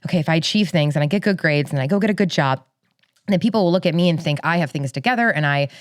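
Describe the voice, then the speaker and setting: Podcast guest, woman, Chicago accent; fast, lowish, dry mic. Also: lively intonation, no echo. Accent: Midwestern American (Chicago). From Chicago, US Midwest. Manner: chatty, laughs often, many fillers. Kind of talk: casual podcast chat.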